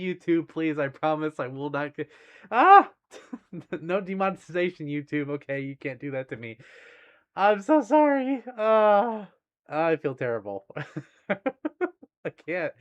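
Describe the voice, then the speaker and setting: Male streamer, casual chat reading viewer messages, laughs a lot, lively pitch. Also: highs cut off. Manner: giggly, bashful, laughs often between remarks. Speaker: livestream host.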